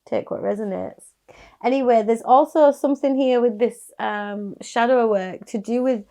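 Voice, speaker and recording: A woman's voice: medium pitch, darkish tone. Chatty Yorkshire woman reading tarot. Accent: Yorkshire English. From Yorkshire, England. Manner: chatty, musing, reassuring, with small laughs and restarts. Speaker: tarot reader. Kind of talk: casual tarot card reading.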